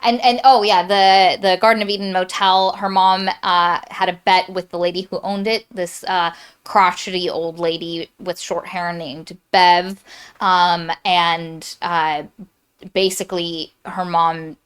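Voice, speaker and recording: A woman's voice: fairly low pitch, little pitch movement, a little slow, a bit bright, smooth. A woman co-hosting a casual book podcast, chatty and summarizing the plot with many restarts. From Florida. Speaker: podcast co-host.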